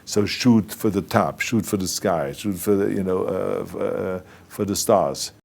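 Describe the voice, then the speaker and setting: A man's voice: low-pitched, steady tone, a little slow, vocal fry, darkish tone. A man with a strong German accent and German as his first language, giving motivational talk emphatically. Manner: emphatic, heavily accented, sometimes restarting words. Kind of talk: motivational speech and interview.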